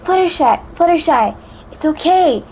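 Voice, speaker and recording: Caring storybook unicorn mare, eager and emotional, lifted pitch; a woman reads her. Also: normal speed, a little mellow, slight background noise, natural voice, rough recording. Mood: reassuring. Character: earnest, caring young female unicorn pony.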